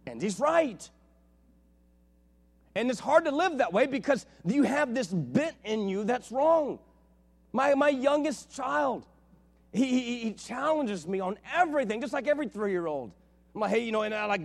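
A preacher man with a high, lively voice gives a sermon, dropping to a hush and then climbing back up. His words ring out with a long reverb, as if spoken in a church hall. He mixes scripture with family stories. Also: normal speed, long pauses. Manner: animated, swings from hushed to loud, tells family anecdotes. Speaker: pastor.

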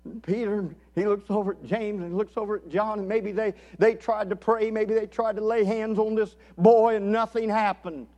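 A man with a high, light voice preaches an impassioned sermon to a gathering of men. He drops to a hushed, intimate tone, then climbs into loud, pleading calls to his listeners. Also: fairly even intonation, normal speed, hardly any pauses, dull audio. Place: conference hall.

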